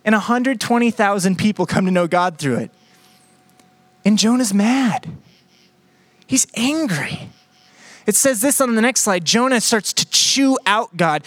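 High-voiced playful male preacher. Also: measured pace, long pauses, no room sound. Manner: playful, animated storytelling with acted-out voices. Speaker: pastor. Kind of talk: sermon with audience skit.

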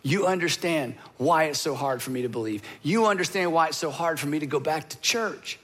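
A man preaching a sermon in an earnest, emotional way, with dramatic pauses and repeated phrases. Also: fairly high pitch, a bit bright. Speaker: pastor.

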